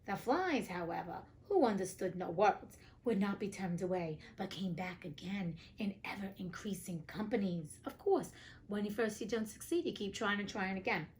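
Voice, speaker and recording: A woman's voice: medium pitch, expressive, moderate pace, a little hiss or hum. A young woman hosting an audiobook podcast, reading a fairy tale with cheeky, profane side comments. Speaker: podcast host and audiobook reader. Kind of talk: casual storybook reading with asides.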